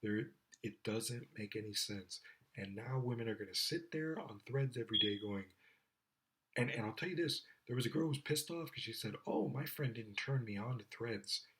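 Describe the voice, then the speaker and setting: A man's voice: expressive, normal speed, a bit bright, low-quality recording. A man delivering a blunt, profane opinion rant, swearing often and mocking others. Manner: blunt, profane, mocking, mimics women in high voices. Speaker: commentator.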